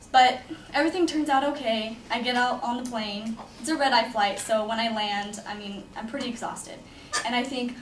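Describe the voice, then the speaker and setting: A woman's voice: on the high side, normal speed, distant mic, slight background noise. A young woman from California telling a personal story in a chatty way, with lots of "like" fillers. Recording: echoey room, speaker away from mic, faint ambience.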